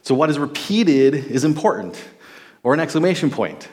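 A man's voice: fairly high pitch, big pitch swings, moderate pace, a little mellow. Enthusiastic conversational Minnesotan man teaching Scripture. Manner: enthusiastic, conversational, with many restarts. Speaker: Bible teacher. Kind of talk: casual sermon teaching.

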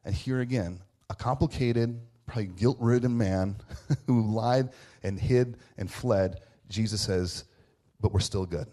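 Here the pastor, a man in his thirties, sounds lowish and mellow, taking his time. His sermon is casual and sincere, full of personal anecdotes, restarted phrases, and frequent "right?" check-ins.

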